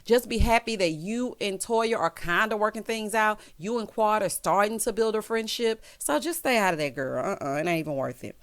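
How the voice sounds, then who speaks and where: A woman's voice: medium pitch, moderate pace, few pauses. A woman recapping a reality show in a sassy, chatty way, talking straight to the cast. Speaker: recap vlogger.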